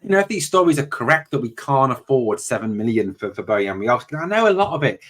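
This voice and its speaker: A man's voice: mid-range voice, big pitch swings, fast talker, a bit bright. A man hosting a football channel and delivering a passionate, repetitive opinion monologue. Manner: passionate, ranting, repetitive emphasis.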